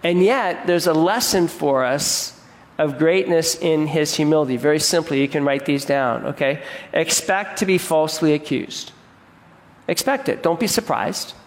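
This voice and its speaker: Male pastor, slightly high voice, earnest sermon delivery with restarts, long hall reverb. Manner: earnest, repeats and restarts words, asks the congregation questions.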